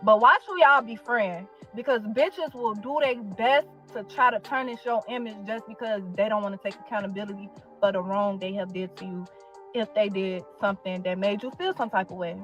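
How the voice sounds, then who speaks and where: A woman's voice: mid-range voice, moderate pace, fairly bright tone, muffled recording, faint music behind. A young woman from Chicago with a Chicago accent, telling her side of a falling-out with a friend in a blunt, profane, exasperated rant. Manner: blunt, profane, exasperated, repeats herself for emphasis. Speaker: content creator telling her side of a feud. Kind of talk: heated storytime rant.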